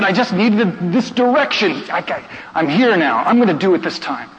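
Male preacher, fairly high voice, stammering repeats, long hall echo, muffled. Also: moderate pace, few pauses. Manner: stammering repeats, animated shifts between hushed and excited. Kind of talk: sermon storytelling. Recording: reverberant hall, dull muffled sound, faint noise.

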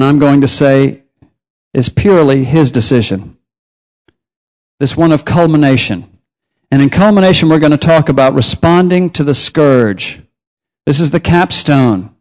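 A man preaching a sermon as a missionary, telling personal stories with lively rises and drops in pitch.

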